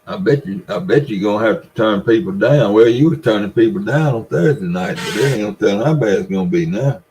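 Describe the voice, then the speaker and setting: A man's voice: fairly low pitch, expressive, fairly quick, darkish tone, slight background noise, poor audio. An older man with a Southern US accent, rambling through folksy stories in a casual livestream and chatting with his viewers. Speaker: livestream host. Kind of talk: casual livestream chat, reading viewer comments.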